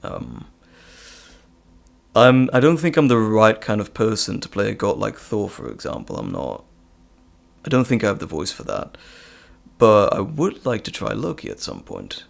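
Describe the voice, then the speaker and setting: A man hosting a casual live stream, chatting in a relaxed, rambling way with chuckles. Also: lowish voice, normal speed, creaky. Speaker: host.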